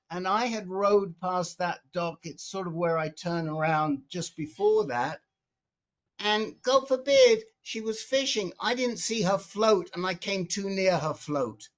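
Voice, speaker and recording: A man with a notably high voice tells a story on a group video call. He gets animated and often restarts and repeats his words as he talks. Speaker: support group member.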